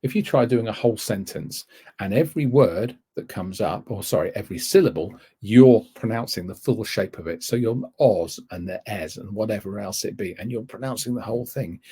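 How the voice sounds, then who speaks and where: Man, tutor in a webinar, very husky voice, lowish pitch, rambling with restarts. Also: fairly quick, warm tone. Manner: rambling, self-correcting, restarts often. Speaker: TEFL course tutor. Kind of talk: webinar lecture.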